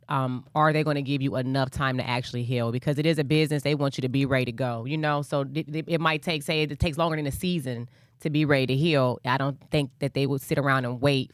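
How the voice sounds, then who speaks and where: Animated woman co-host, teasing and chatty. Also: very deep voice, no room sound, studio quality. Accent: Northeast Ohio. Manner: animated storytelling, playful teasing. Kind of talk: casual live show chat.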